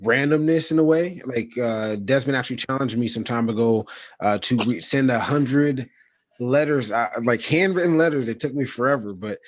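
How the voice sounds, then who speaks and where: A man co-hosting a podcast in casual chat, speaking in a halting, reflective way with many fillers. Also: medium pitch, dry recording. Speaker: podcast co-host.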